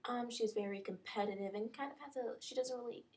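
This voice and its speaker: A woman's voice: fairly high pitch, fast talker, a little mellow. A young woman casually describing characters for a fan series audition call, chatty and full of ums. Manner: chatty, many ums, describes characters one after another.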